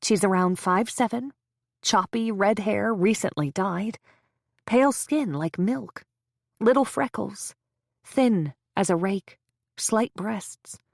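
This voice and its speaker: A woman narrating a first-person story in a measured, tense way. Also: mid-range voice, creaky, dry recording, studio quality.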